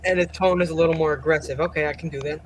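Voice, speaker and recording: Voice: mid-range voice, fairly even intonation, very fast, noisy background. A person on a casual group call, joking in a laid-back way. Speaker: call participant.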